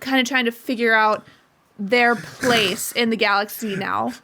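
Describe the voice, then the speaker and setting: A woman's voice: on the high side, fairly even intonation, a little slow, bright, forceful tone, slight background noise. A woman co-hosting a podcast in casual chat, talking with fan enthusiasm and hesitant restarts. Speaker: podcast co-host.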